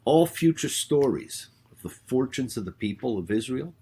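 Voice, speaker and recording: A man, a rabbi hosting his own show, giving a spoken sermon with emphatic, drawn-out words. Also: medium pitch, lively intonation, dark tone, husky. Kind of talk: spoken sermon with prayer and sung hymn.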